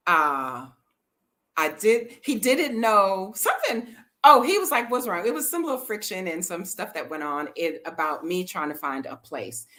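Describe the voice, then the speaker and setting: A middle-aged woman, chatting to viewers in a lively storytelling vlog and laughing often. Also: mid-range voice. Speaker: travel vlogger.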